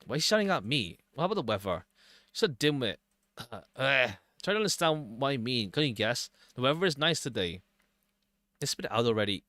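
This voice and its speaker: Animated male streamer reading a game. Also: medium pitch, fast talker, no room sound, clean studio sound. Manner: animated, switching between characters. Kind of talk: reading game dialogue aloud.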